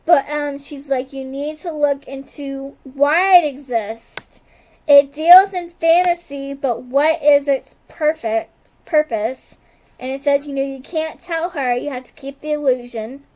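A woman casually recapping a TV episode for a co-host, rambling along with lots of "like" and quick asides. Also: high voice, dark tone. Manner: rambling retelling, heavy use of "like", quick asides. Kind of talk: casual chat.

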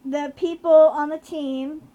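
A woman's voice: high voice, fairly even intonation, slow pace, warm tone, lo-fi sound. A woman with a slight Southern accent, rambling chattily with fillers while recapping a TV episode as a podcast co-host. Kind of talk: casual chat recapping a TV episode.

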